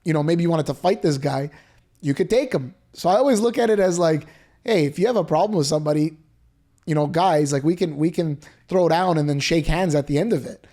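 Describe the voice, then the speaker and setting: Earnest, fairly high-voiced male host. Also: brisk, dark tone. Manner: earnest, agreeable, chimes in. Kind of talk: casual interview talk.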